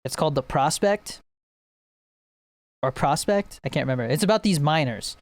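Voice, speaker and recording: This young podcast co-host has a fairly high, animated voice at a normal speed. He rambles about movies in a relaxed chat between friends, laughing a lot and doing playful impressions of film scenes.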